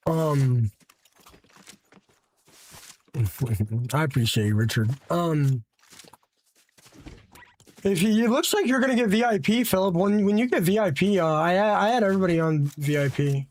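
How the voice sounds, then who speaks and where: A man's voice: on the high side, measured pace, pauses often. A young man streaming a game live, chatting casually with viewers and swearing now and then. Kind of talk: live gameplay commentary.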